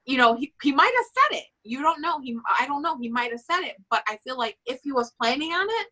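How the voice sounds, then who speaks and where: Woman in a casual book chat, voice a bit on the high side, halting and unsure, lots of "like". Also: very animated, sharp tone. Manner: halting, hedging, many fillers. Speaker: book club co-host.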